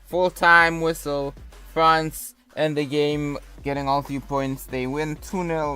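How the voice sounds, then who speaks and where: A man's voice: medium pitch, a bit bright. A young man commentating a football video game, mixing sports-caster calls with rambling jokey asides. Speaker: gaming YouTuber. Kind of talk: casual gameplay commentary.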